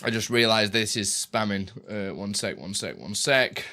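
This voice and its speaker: A man's voice: fairly low pitch, normal speed, bright, forceful tone. A young man live-streaming, chatting casually with viewers while he tinkers with his setup, often tripping over and repeating his words.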